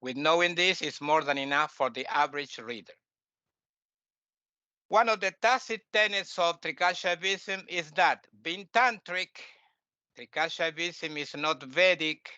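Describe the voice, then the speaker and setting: A man with a bright, crisp voice pitched a little high lectures on scripture in halting, non-native English. He stumbles, restarts and drops into quiet muttered asides. The recording is dry and a bit dull. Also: no room sound. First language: Spanish. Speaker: teacher and author.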